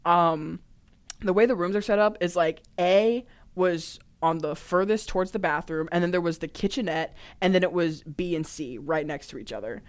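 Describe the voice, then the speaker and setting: A young adult woman co-hosting a podcast, telling an animated story in casual chat. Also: lowish voice, normal speed. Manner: animated storytelling with frequent fillers. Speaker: podcast co-host.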